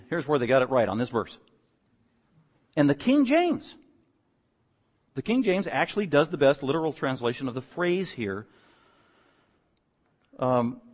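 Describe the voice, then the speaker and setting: A man preaching a sermon, moving from calm explanation to emphatic, rising outbursts on key words. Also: mid-range voice. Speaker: pastor. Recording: long reverb from a large hall.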